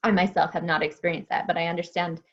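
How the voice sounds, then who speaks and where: Low-voiced woman host, lo-fi sound. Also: flat delivery, quick pace. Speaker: podcast host. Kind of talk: interview talk. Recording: dull lo-fi audio.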